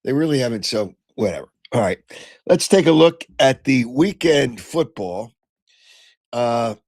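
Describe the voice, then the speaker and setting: An older man hosting a call-in sports radio show, blunt and opinionated, clearing his throat as he gets over a cold. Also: mid-range voice, expressive, unhurried. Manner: blunt, opinionated, flares into shouting. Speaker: sports talk radio host.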